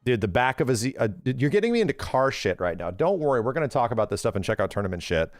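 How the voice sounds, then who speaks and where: A man in his forties chatting casually on a livestream, telling animated stories with lots of swearing. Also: mid-range voice, fast talker, no room sound, studio quality, faint music behind. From Los Angeles area. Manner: excitable, swearing, animated storytelling. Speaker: streamer.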